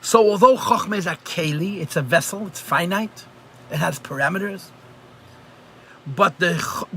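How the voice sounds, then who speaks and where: Over a video call's computer mic, a man with a high-pitched, fairly bright voice leads a live online Chassidus lesson as a rabbi. He talks at a moderate pace in a conversational way, repeating phrases to stress them, with slight background noise.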